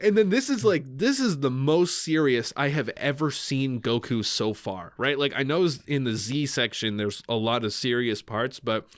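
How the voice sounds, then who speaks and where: Podcast co-host, male, mid-pitched, animated storyteller, dry booth sound. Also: normal speed, hardly any pauses, no echo. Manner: excitable, laughing storyteller retelling scenes. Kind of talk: casual chat.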